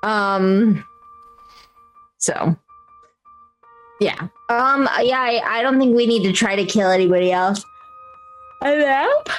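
A woman player chatting casually during a tabletop game, relaxed and hesitant. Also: medium pitch, slow pace, pauses often, soft background music, rough recording. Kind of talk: casual chat.

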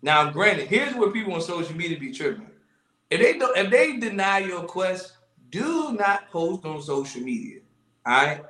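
A man co-hosting a podcast, animated and joking in heavy slang, in casual banter. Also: sits high, moderate pace, roomy sound, low-quality recording. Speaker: podcast co-host.

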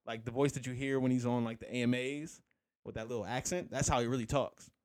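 A man's voice: mid-range voice, steady tone, fast talker, a little mellow, no room sound, clean studio sound. A young man co-hosting a podcast, chatting in a laid-back, rambling way and laughing easily. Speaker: podcast co-host. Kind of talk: casual chat.

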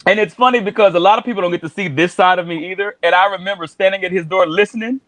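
A man co-hosting a casual talk show, animated and laughing often as he acts out quotes. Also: high voice, rapid-fire, few pauses, no echo. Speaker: podcast co-host. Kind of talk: casual chat.

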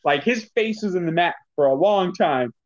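A man's voice: high voice, animated, moderate pace. A man trading stories on a podcast in a loose, casual way. He often breaks into laughter mid-sentence. His voice comes through slightly dull and lo-fi. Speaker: podcast co-host. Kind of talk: casual storytelling chat.

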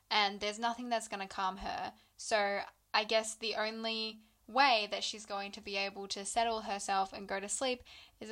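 A young woman casually retelling a novel's plot to a friend, playful and quick to laugh. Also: on the high side, a bit bright. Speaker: book podcast co-host. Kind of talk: casual chat recapping a novel.

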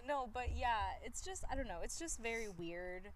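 A woman's voice: a little high, animated, normal speed, slight background noise. A young woman vlogging outdoors, chatting with her best friend in a giggly, bubbly way. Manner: giggly, bubbly, squeals when teased. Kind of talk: casual chat with a friend. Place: outdoors in the wind.

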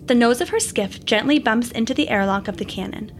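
A woman narrating a scripted space adventure story in a steady, descriptive way. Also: on the high side, a little fast, few pauses.

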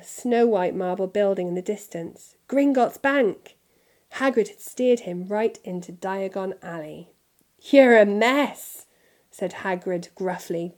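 A woman reading a children's novel aloud in steady, clear narration. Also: mid-range voice. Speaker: storybook reader.

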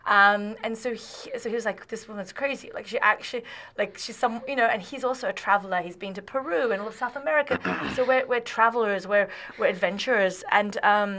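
Chatting casually as a podcast guest, an Australian woman shares a personal story with lots of laughter and animation, often starting her sentences over. She talks fairly quickly in a mid-range voice.

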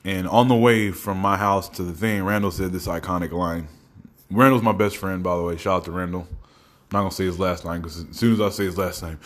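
Low-voiced man rambling through a profane comic monologue. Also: fairly even intonation, brisk. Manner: profane, rambling storytelling with laughs. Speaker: podcast host. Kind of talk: casual comedic monologue.

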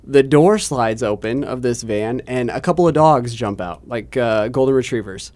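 A TV news reporter chats casually, telling a self-deprecating anecdote with many restarts. His voice is medium-pitched and a little mellow, at a moderate pace.

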